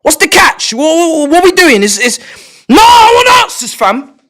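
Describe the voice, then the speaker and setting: Young man, live streamer, restless stammering chatter, very lively swooping pitch, bright voice. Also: moderate pace. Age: 20s. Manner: excitable and exclamatory, stammers and repeats words; shouts in bursts, then drops to low mutters. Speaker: livestreamer. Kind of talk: live stream chat, reacting to viewers.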